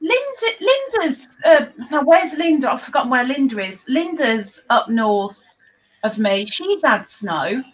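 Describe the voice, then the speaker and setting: A woman hosting a casual livestream, chatting and teasing her viewers in an animated way. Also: high voice, measured pace, a little hiss or hum, poor audio. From England. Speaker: livestream host.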